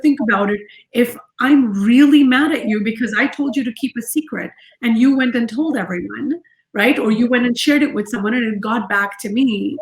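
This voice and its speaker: Middle-aged woman, parenting expert guest; calm, gentle, fairly high voice, roomy echo. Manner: calm, gentle, repeats key phrases. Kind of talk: interview answer, explanatory. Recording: echoey room.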